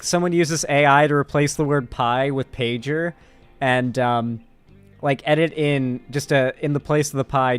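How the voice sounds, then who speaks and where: A man streaming casually, joking and reading his chat aloud in an animated way. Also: fairly high pitch, smooth. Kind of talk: casual live-stream commentary.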